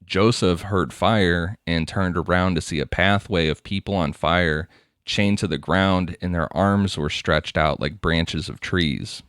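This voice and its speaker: A deep-voiced man hosting a casual podcast, reading case details in a loose, conversational way and laughing often. His voice is dry and close to the microphone. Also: unhurried, a bit bright, clean tone, dry recording. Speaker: podcast host. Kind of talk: casual true-crime narration.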